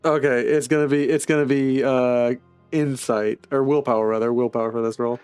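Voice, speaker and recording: A man's voice: mid-range voice, fairly even intonation, fairly quick, a little mellow, smooth, no echo, soft background music. A man running a tabletop game as game master, rambling with lots of "like" and restarts.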